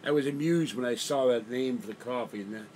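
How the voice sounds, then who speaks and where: A man's voice: medium pitch, brisk, a little mellow. An older man vlogging from home in a meandering, self-interrupting way, sounding fatigued. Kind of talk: rambling casual monologue. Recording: faint background noise.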